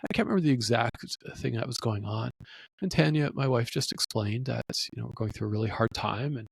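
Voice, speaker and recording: A man's voice: medium pitch, fairly quick, creaky, slightly rough, dry recording. A middle-aged man hosting a podcast, speaking earnestly and supportively as he shares stories. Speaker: podcast host. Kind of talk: podcast conversation.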